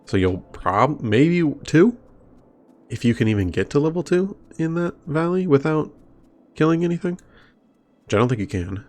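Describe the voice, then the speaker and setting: A man streaming a game, rambling and wondering aloud as he plays. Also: on the low side. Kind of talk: casual gameplay commentary. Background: faint game music.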